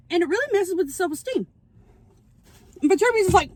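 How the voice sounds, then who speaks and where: A woman's voice: high-pitched, racing, dry recording. A woman vlogging from her car, recapping a movie plot in casual, rambling talk and acting out the characters' lines as she eats. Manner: rambling, animated, acts out quotes. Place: in a parked car. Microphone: phone camera.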